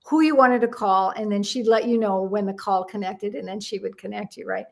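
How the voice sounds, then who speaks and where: A woman's voice: mid-range voice, brisk, creaky. An older woman from the United States, a guest telling stories in an interview and acting out the voices in them. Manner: animated, acts out voices in her stories. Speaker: guest, numerologist. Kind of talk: storytelling in a chat interview.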